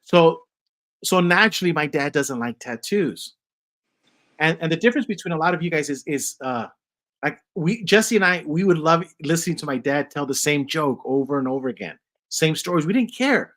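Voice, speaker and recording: Rambling man with a fairly high voice. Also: lively intonation, normal speed, a bit bright. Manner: rambling, many fillers and restarts. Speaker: podcast host. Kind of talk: casual chat.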